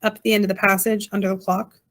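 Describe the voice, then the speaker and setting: A woman reading aloud, voicing a tired little father borrower who speaks flatly with rustic grammar. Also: medium pitch, quick pace, lightly acted. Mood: weary.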